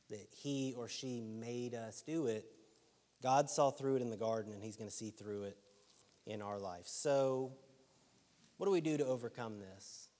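A man preaching a sermon in a relaxed, conversational way who keeps checking in with his listeners. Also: medium pitch. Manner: conversational, keeps asking "right?". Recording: long hall reverb.

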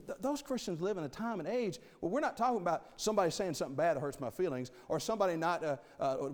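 A man preaching a sermon, asking rhetorical questions and swinging between loud and soft. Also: high voice, in a large hall.

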